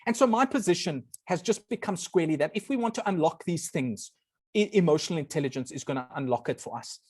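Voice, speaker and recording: A man's voice: a little high, quick pace, husky, no echo, clean studio sound. A man giving an earnest talk as a guest speaker, explaining ideas step by step. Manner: earnest, animated, often apologizes. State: briefly emotional. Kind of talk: presenting a talk on a video call.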